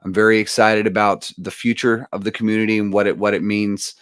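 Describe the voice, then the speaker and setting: A man's voice: fairly low pitch, level tone, brisk, a bit bright, clean tone, no echo, clean studio sound. A man speaking as a guest musician, earnest and rambling, with many fillers and restarts in a casual motivational talk.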